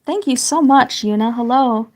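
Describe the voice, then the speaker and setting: A slightly hoarse woman with a raspy voice, a parent chatting casually and rambling on a livestream while she colours, hedging her words as she goes. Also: sits high, moderate pace. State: slightly hoarse, getting sick. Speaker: livestreaming artist.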